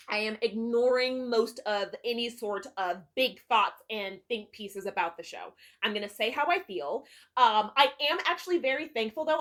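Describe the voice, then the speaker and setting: Woman reviewing a show on her channel, kinda high bright voice, blunt, swears a lot. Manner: candid, swears freely, emphatic. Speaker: TV review vlogger. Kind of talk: casual on-camera review.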